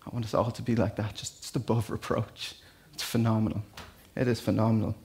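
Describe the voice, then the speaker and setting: Irish man preaching a lively sermon. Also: fairly low pitch, a little fast. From Ireland. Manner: conversational, animated storytelling with asides. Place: church hall.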